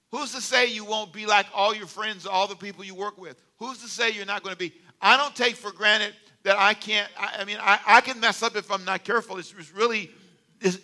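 An older man delivers a sermon with a high, bright voice that cuts through. He is animated and humorous, telling stories and dropping suddenly to quiet asides. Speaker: pastor.

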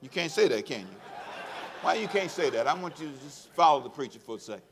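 A male pastor preaching a lively sermon, leading the congregation in call-and-response and acting out quotes from people. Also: a little high, quick pace, slight background noise.

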